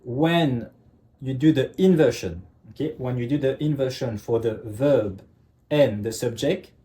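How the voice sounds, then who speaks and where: A male teacher giving a lesson, who says "ok" after nearly every phrase and spells out slow, emphatic examples. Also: medium pitch, dark tone. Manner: repeats "ok" constantly, checks understanding, slow emphatic examples. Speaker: French teacher. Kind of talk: classroom lesson explanation.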